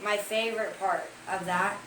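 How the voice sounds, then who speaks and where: A woman's voice: mid-range voice, fairly even intonation, moderate pace, fairly bright tone, a little hiss or hum. A young woman from Ohio chatting over a meal, jumping in to back up and add to family stories. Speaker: co-host, daughter. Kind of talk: casual mealtime chat. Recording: echoey room.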